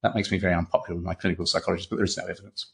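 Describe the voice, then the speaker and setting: Low-voiced older man telling anecdotes. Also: rapid-fire, gravelly. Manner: animated anecdote-telling, repeats words, swears, laughs. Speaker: guest, retired clinical psychologist. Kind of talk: casual interview storytelling.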